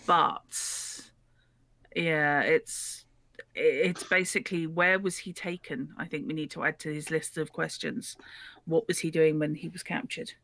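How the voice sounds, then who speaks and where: A woman playing a tabletop role-playing game, her voice fairly low, working through ideas aloud. The sound is dry, with no room around it. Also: fairly even intonation, a little slow, fairly bright tone, dry recording. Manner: thoughtful, reasons aloud. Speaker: player. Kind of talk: tabletop role-play chat.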